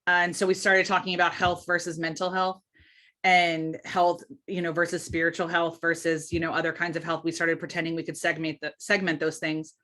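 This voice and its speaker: A woman's voice: on the low side, monotone, brisk, bright, forceful tone. A woman talking as a podcast guest, emphatic and candid, often restarting her sentences in casual interview chat.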